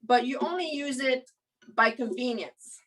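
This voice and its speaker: Woman, viola teacher, master class coaching, encouraging, rather high voice. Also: lively intonation, a little slow, fairly bright tone, low-quality recording. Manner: encouraging, explains with many "you know"s.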